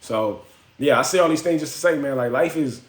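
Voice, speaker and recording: A man's voice: medium pitch, fairly quick. A man hosting a phone livestream, telling a story in casual slang and acting out the voices of the people in it. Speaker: livestream host. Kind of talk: casual storytelling to live chat. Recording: echoey room.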